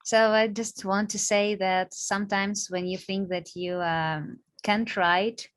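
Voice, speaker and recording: A woman's voice: mid-range voice, fairly even intonation, takes it slowly, no room sound. A woman from Ukraine, a writing teacher speaking casually and hesitantly to her students. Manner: hesitant, many fillers and restarts.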